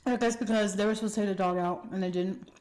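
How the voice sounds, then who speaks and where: A young woman chats through a personal story between bites, animated, slipping into little acted-out quotes. Her voice sits at an ordinary middle pitch. The sound carries a noticeable echo from the room around her. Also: quick pace. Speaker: mukbang storyteller. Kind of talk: casual storytime while eating. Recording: echoey room.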